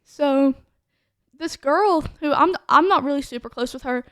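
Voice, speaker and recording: This is a podcast testimony from a young-sounding woman whose high voice comes across a bit bright and measured in pace. She rambles in a chatty, casual way, leaning heavily on "like" and starting sentences over. The sound is close and dry, with no echo from the room.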